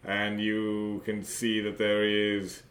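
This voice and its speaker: A man narrating as game master of a tabletop game, halting and full of fillers. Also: fairly low pitch, completely flat delivery, fairly bright tone. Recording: roomy echo, faint noise.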